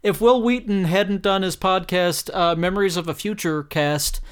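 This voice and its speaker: Animated jokey male podcast host, slightly high voice. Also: normal speed, clear, resonant tone. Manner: animated and jokey, breaks into loud mock outrage, swears casually. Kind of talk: solo podcast, reading out his own tweets.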